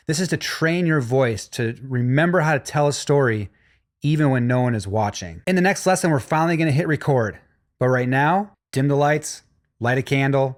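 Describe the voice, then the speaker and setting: Male vocal instructor, mid-range voice, encouraging course narration. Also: mid-range voice. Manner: encouraging, demonstrates hums and sung lines.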